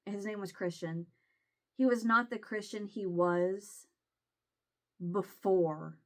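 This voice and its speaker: A woman with a Southern Illinois accent chats to her camera, her words halting and restarting as emotion wells up. She sounds close to tears, her voice sitting at a middling pitch. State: near tears. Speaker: vlogger. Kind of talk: casual chat to camera.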